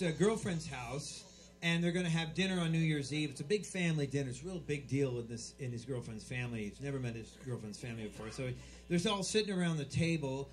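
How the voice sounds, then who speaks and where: High-voiced man telling dirty jokes. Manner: rambling, stumbling delivery with loud punchlines. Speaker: stand-up comic. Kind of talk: dirty joke stand-up. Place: small club stage.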